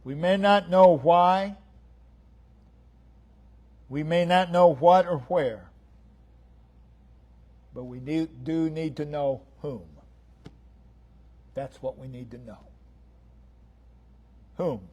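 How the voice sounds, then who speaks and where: A man preaching a sermon, emphatic and repetitive, swinging between loud declarations and hushed lines. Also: on the high side, very slow, long pauses. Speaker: pastor.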